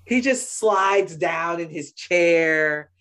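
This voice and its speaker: Lower-voiced woman telling lively stories. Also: moderate pace. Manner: animated storyteller, laughs often. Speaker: guest, speaker and author. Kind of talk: casual interview chat.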